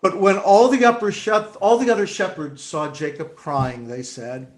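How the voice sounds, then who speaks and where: A man telling a story gently to a group over a video call. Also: sits high, steady tone, normal speed, few pauses.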